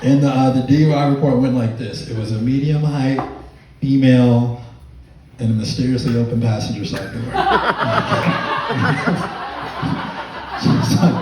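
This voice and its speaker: A man's voice: medium pitch, steady tone, a little fast, noisy background. A man telling a stand-up comedy story, rambling with fillers and laughing through his lines. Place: comedy club stage with audience laughter. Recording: echoey room, mic far off.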